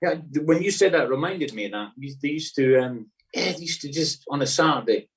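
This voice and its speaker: A man's voice: a little high, expressive, a little fast, far from the mic, low-quality recording. A man, a guest comedian in casual chat, who acts out scenes in silly voices.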